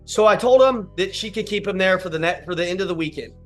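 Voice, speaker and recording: Man, motivational speaker, earnest, repeats phrases, high voice, echoey room, faint music behind. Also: fast talker. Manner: earnest, repeats lines for emphasis. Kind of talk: emotional motivational storytelling. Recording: roomy, from a distance, faint music.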